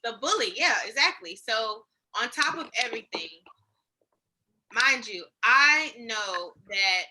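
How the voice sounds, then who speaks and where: Bright-voiced, reflective young woman. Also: fairly high pitch, animated, a little hiss or hum, rough recording. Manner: reflective, halting, searching for words. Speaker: podcast co-host. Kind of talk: casual podcast chat.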